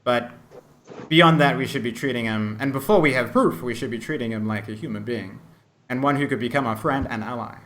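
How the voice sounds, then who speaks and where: A man running a tabletop role-playing game as game master, narrating and talking with his players in an animated way. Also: mid-range voice, fairly quick. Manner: animated, switches into character voices.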